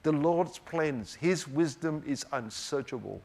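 A man teaching a sermon on the Psalms, swinging between emphatic rhetorical questions and hushed, quiet moments. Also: fairly high pitch, very animated, a little slow. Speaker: preacher.

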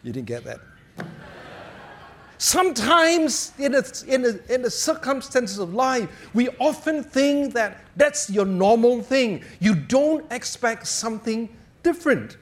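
A man preaches a sermon in a notably high voice. His pitch swings widely as he tells stories and jokes with animated delivery. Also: slow pace.

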